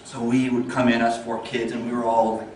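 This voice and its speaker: In an echoey meeting hall, with the mic far away and slight background noise, a man gives a storytelling speech at a normal speed. This club speaker is animated, letting his energy build before dropping it low.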